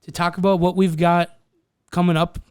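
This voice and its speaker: Smooth-voiced man in casual podcast chat. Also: sits high, level tone, moderate pace, no echo, studio quality. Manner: laid-back, swears freely. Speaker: podcast co-host.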